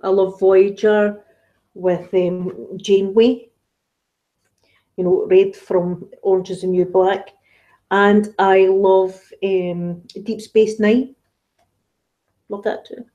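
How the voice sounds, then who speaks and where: Scottish lady rambling through a chill live chat, mellow voice, lots of ums. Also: medium pitch, flat delivery, slow, pauses often, muffled recording. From Scotland. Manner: chatty and rambling, with frequent fillers. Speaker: ASMR channel host. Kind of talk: casual live chat, reading viewer comments.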